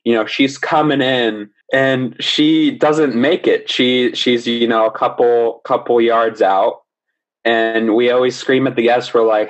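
Young man, casual storyteller, animated, laughing, mid-pitched voice, dull lo-fi sound. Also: a little slow. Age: young adult. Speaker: podcast guest. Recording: slightly dull lo-fi recording.

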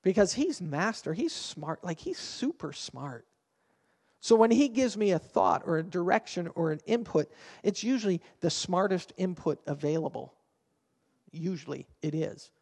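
A man in his fifties, a pastor preaching a sermon with an animated storytelling manner, swinging between quiet and loud. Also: high-pitched, moderate pace, husky, long reverb tail.

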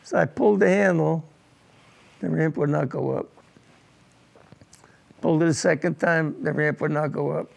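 An older man, a war veteran, telling his combat memories in an oral history interview, halting and repeating words as he goes. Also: fairly high pitch, fairly even intonation, gravelly.

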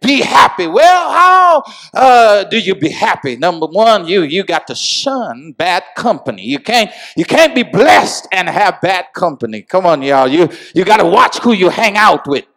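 A man preaching a sermon to a congregation, with call-and-response phrases, rising from calm teaching to shouted emphasis. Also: high-pitched, normal speed, hardly any pauses. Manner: repeats "come on, y'all" and "amen". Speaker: pastor.

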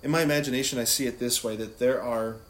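A man's voice: mid-range voice, fairly even intonation, fast, fairly bright tone. A man speaking as a priest, teaching about prayer in a casual, conversational way, often adding "like" and "right?" as he goes. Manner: conversational, many "like" and "right?" asides. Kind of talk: casual spiritual teaching talk. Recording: echoey room with faint background noise.

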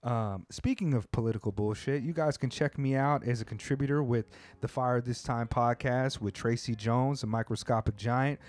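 A man at a middle pitch hosts a casual podcast. He talks loose and slangy, circling back with restarts and "you know what I mean" as he riffs with his co-hosts. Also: moderate pace, hardly any pauses, a little mellow. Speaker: podcast host. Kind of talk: casual chat. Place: lives in Japan.

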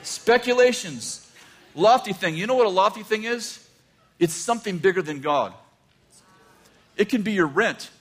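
An older man preaching a sermon, telling a personal story with animated swings from hushed asides to near shouts. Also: high-pitched, moderate pace, long pauses. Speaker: pastor.

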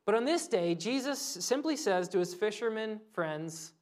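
A preacher in their thirties giving a conversational sermon, telling stories, laughing easily and pausing for quiet reflective asides. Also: mid-range voice, expressive. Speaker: pastor.

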